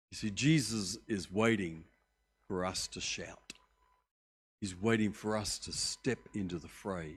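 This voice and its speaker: A middle-aged man, preaching a sermon as pastor, telling the story with lively acted-out voices that swing from loud to hushed. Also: sits low, slightly rough. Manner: animated storytelling, acting out voices with big swings in loudness.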